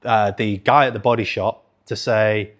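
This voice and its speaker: A man's voice: on the low side, steady tone, moderate pace. Frank man in his thirties. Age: 30s. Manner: frank, conversational, swears casually, self-corrects. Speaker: investing channel host. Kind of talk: candid storytelling to camera.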